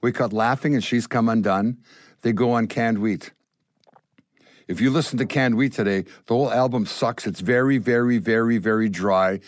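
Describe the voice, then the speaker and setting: A man's voice: mid-range voice, normal speed, no room sound. Older Canadian man telling road stories. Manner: acts out voices in his stories. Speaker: guest musician. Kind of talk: animated storytelling.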